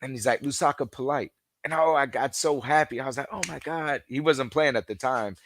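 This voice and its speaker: A man's voice: mid-range voice, a little fast, a bit bright, a little hiss or hum. A man chatting as a podcast guest, telling rambling stories full of "you know" and acted-out dialogue. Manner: rambling storyteller, acts out quoted dialogue; leans heavily on "you know" fillers. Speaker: podcast guest, football fan. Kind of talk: casual chat.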